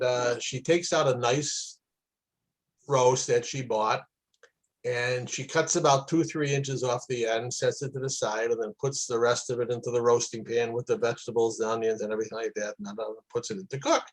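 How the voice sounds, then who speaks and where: A man's voice: mid-range voice, steady tone, normal speed, rough recording. Chatty man giving an anecdotal class. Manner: chatty, anecdotal, with many fillers. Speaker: kosher-food teacher. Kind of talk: casual storytelling lecture.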